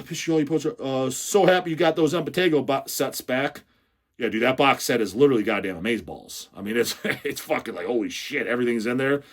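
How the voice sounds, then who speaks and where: Profane, animated metal channel host. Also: male voice, mid-range voice, fast. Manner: swears constantly, mocking and blunt; reads out viewer questions and riffs on them. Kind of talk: casual profane Q&A rant.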